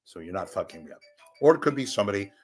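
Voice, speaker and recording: A man's voice: lowish voice, expressive, rapid-fire, soft background music. A man hosting a call-in show, talking in a casual, rambling monologue that is blunt, profane and full of wisecracks.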